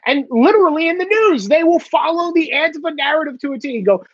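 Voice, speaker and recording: A man delivering a sarcastic, profane comedic rant about the news, mocking people with quick impressions. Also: very high voice, expressive, a bit bright, no echo, dull audio. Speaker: commentator.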